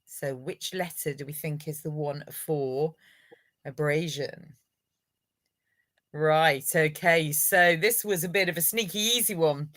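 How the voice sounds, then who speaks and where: A woman's voice: deep voice, slow, fairly bright tone, no echo. A woman hosting a live online revision lesson, encouraging viewers and running a quiz. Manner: encouraging, upbeat, praises viewers.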